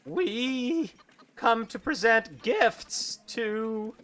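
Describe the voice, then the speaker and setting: A man doing a flustered, high-voiced bluffer. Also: expressive, very slow, fairly bright tone, full character voice. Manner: flustered, hesitant.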